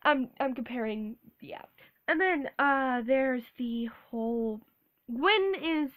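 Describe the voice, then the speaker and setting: A young woman, sick with a sore throat, rambling awkwardly in a casual vlog, halting and laughing often. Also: high-pitched, lively intonation, a bit bright. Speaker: vlogger.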